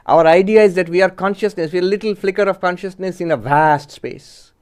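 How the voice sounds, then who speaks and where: This man delivers a spiritual discourse as a Vedanta teacher, measured and explanatory, often raising rhetorical questions. His voice sits high and smooth.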